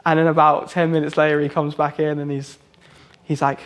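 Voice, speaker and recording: A man's voice: fairly high pitch, little pitch movement, fairly quick. A man, a tattoo artist and singer, telling stories in a casual, rambling way full of "like" and restarts. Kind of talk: casual anecdote storytelling.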